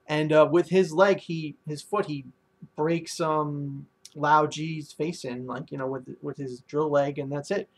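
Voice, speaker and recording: A man's voice: a little high, fairly even intonation, measured pace. A man reviewing a manga chapter in a casual, rambling way, full of ums and likes.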